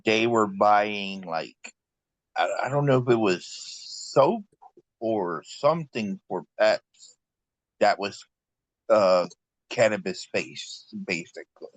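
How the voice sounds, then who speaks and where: A man chatting on a podcast, speaking in a hesitant, halting way. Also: lowish voice, lively intonation, dry recording, rough recording. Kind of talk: casual podcast chat.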